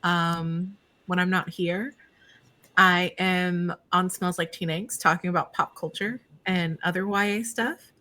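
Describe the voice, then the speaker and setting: A woman's voice: fairly low pitch, steady tone, measured pace, sharp tone. A woman introducing herself as a player, a little hesitant and wry. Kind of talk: casual stream introduction.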